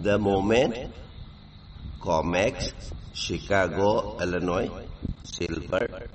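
A man's voice: low-pitched, takes it slowly, a little hiss or hum, low-quality recording. A tipsy man delivers a rambling monologue. He is crude and boastful, and he stammers through many fillers. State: tipsy from drinking.

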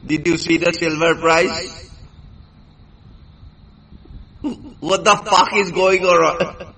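A crude, boastful man rambles along at a slow, dragging pace. He sounds tipsy and stumbles over constant fillers, and his voice is high and bright. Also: flat delivery, vocal fry, rough recording. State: tipsy from drinking. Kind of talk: rambling monologue.

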